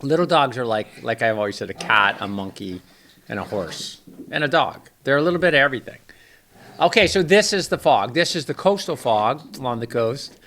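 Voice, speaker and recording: A man's voice: medium pitch, a bit bright. A middle-aged man from Northern California giving a rambling, enthusiastic weather forecast from home. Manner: rambling, chatty, enthusiastic asides. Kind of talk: casual forecast chat.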